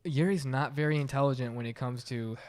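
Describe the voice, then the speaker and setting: A man's voice: mid-range voice, fairly quick, a little mellow. A young man co-hosting a podcast in casual chat, easygoing and agreeable. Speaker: podcast co-host.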